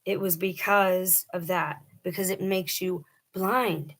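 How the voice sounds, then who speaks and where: A woman's voice: on the low side, steady tone, slow. A middle-aged woman telling a personal story in a casual, earnest and emphatic way, acting out quoted dialogue. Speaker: vlogger telling a personal testimony.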